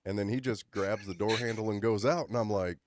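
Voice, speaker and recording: A man's voice: lowish voice, a little fast. A man co-hosting a podcast in a studio, telling rambling anecdotes in casual chat and acting out the quotes. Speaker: podcast co-host.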